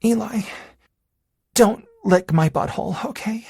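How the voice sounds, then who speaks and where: Audiobook heroine, a blunt, teasing young woman read by a man, with a lively, bouncing delivery. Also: fairly high pitch, a little slow, dry recording, pitched above the performer's own voice, full character voice. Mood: flustered.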